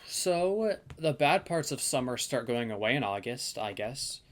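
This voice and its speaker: A man's voice: mid-range voice, sing-song, measured pace, fairly bright tone. Rambling young man thinking aloud. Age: young adult. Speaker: vlogger ranking the months. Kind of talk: casual tier-list commentary.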